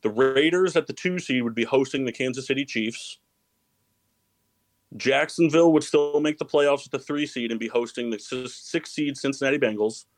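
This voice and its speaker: A man's voice: medium pitch, moderate pace, no echo, low-quality recording. A man hosting a casual sports podcast, rambling and correcting himself, laughing often. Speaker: podcast host.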